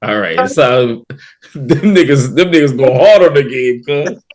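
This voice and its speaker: A man's voice: medium pitch, expressive, a little slow, a little mellow. A man co-hosting a podcast, reacting to stories with short exclamations in casual chat. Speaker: podcast co-host.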